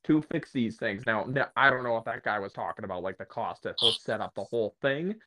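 Animated ranting man in casual talk. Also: medium pitch, brisk. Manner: ranting, animated, acts out quoted voices. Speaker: guest, electric motor repair specialist. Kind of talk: casual podcast conversation.

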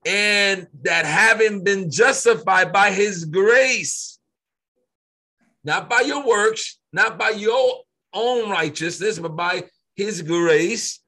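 A man in casual Bible-study conversation, reading scripture slowly and pressing his points with earnest repetition. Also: fairly high pitch, sharp tone. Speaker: co-host of a faith discussion.

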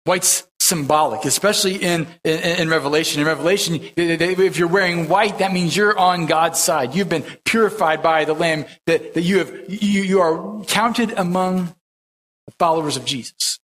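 Male pastor, fairly high voice, folksy sermon full of restarts and repeats. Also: moderate pace, fairly bright tone. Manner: conversational preaching with frequent repetitions and restarts.

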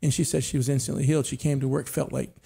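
A man's voice: medium pitch, flat delivery, quick pace, creaky, dark tone, husky. A middle-aged man telling faith stories in a casual church panel discussion, often saying amen. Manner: storytelling, frequent amens.

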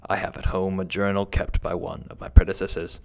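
A man voicing a white-haired old rector who speaks in a measured, polite, slightly hesitant way. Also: low voice, little pitch movement.

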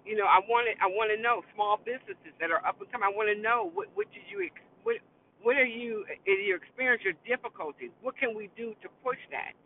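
A man's voice: animated, fairly quick. A man hosting a show, talking in a long-winded, rambling way full of fillers. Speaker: host. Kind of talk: casual commentary monologue. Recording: tinny phone-like sound with faint vehicle rumble.

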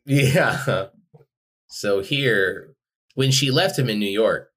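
A man's voice: fairly low pitch, slow, fairly bright tone, slightly rough. A man co-hosting a podcast, chatting casually, reading descriptions aloud, and making dry teasing remarks. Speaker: podcast co-host.

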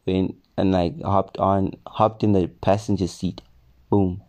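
A young man tells a storytime tale in an unhurried, low voice. His tone is dark and relaxed, and he swears freely as he acts out the people in the story. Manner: swearing, animated retelling with quoted voices. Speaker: storyteller vlogger. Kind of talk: casual storytime.

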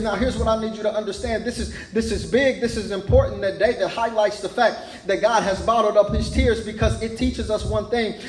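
A male pastor delivers a sermon in a very high voice, stacking repeated words as his preaching builds. The sound carries a roomy echo around him. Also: fairly even intonation, fairly quick, hardly any pauses, a little hiss or hum.

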